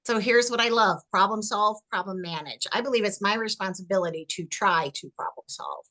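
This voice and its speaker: An animated woman speaking as a guest expert on a podcast. She keeps an even middle pitch and talks in a lively, conversational way, often slipping into the phrases she is describing. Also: a little fast. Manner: animated, acts out example phrases. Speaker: guest expert on workplace culture.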